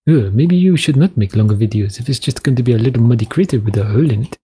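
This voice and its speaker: A man's voice: mid-range voice, lively intonation, fast, warm tone, slightly rough. A man voicing a personified video platform that nags sarcastically. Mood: nagging. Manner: nagging, sarcastic.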